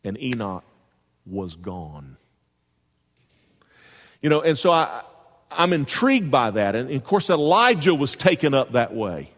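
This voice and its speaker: A man's voice: medium pitch, big pitch swings, unhurried, long pauses, breathy edge, in a large hall. A man preaching a sermon to a congregation, rising into emphatic bursts and asking the room questions. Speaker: pastor. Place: church sanctuary.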